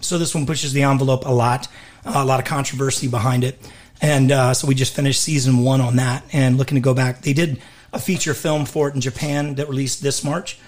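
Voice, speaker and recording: A raspy-voiced man, a voice actor and guest in a studio interview, telling candid stories and laughing often. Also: mid-range voice, fairly even intonation, a little fast. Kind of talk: casual storytelling in interview.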